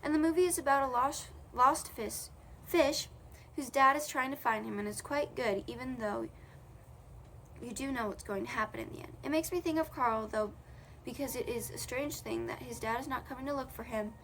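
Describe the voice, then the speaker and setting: A woman's voice: sits high, normal speed, a bit bright, slight background noise. A young woman reading a children's novel aloud in a casual way, correcting her own slips as she goes. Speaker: audiobook reader.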